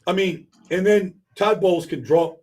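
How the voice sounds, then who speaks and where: Husky-voiced man talking football fast. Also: high-pitched, darkish tone. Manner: rapid, emphatic, repeats words when building a point. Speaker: regular guest analyst. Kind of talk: casual sports talk.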